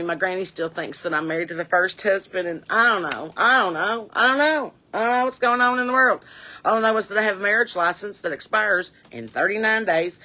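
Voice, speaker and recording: A woman's voice: lowish voice, bright, forceful tone. A woman giving a chatty, folksy, rambling comic monologue to camera, outdoors on her porch. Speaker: comedian and musician.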